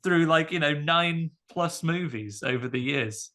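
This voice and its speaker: Male podcast host, tense bright tone, wry casual chat. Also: a little high, animated, a little slow. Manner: chatty, wry, many fillers.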